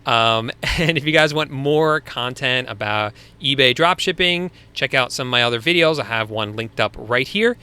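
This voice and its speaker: A man's voice: mid-range voice, moderate pace, few pauses, bright, forceful tone, clean tone. A young man with a Long Island accent, hosting a casual live Q&A stream and chatting loosely with viewers. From Long Island, New York. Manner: chatty, laughs easily, restarts often. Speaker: livestream host answering viewer questions.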